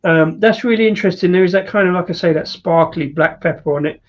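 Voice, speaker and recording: A man's voice: high voice, fast talker, muffled recording. A man hosting a casual live-stream beer review, rambling with lots of fillers and chuckles. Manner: rambling, with many fillers and laughs.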